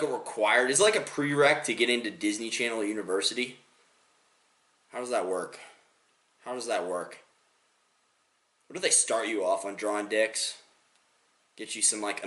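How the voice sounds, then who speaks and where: A man's voice: lowish voice, a bit bright, roomy sound. A young man hosting a solo podcast, rambling loosely and jokingly with lots of filler words. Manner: rambling, loose and jokey, heavy use of 'like'. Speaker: podcast host.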